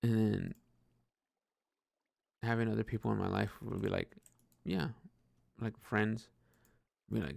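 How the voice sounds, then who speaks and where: Young guy, super gravelly low voice, rambly and unsure, dry close mic, keyboard clicking behind. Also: steady tone, measured pace, long pauses, darkish tone, dry recording. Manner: rambling, hesitant, many fillers and restarts; casual swearing. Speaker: podcaster. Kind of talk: casual rambling monologue while gaming.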